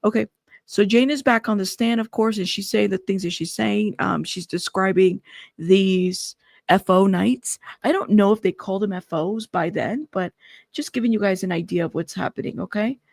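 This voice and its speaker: A woman with a gravelly, creaky edge to her voice hosts a live news stream, reading court updates aloud. She breaks in with startled asides between the quotes. The sound is close and dry, with no room around it. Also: mid-range voice, normal speed, darkish tone, no echo.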